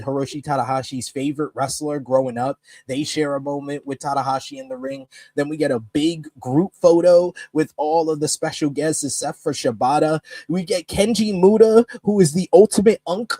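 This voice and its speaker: Man, podcast co-host; high-pitched, excitable, profane storyteller, dry recording. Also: no room sound. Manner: animated, profane, laughing storyteller. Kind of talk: excited event recap.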